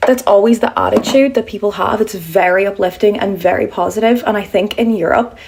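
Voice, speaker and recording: A woman's voice: mid-range voice, a little fast, a little mellow. Chatty young Irish woman. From Ireland. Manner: chatty, filler-heavy, upbeat. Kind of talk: casual vlog monologue.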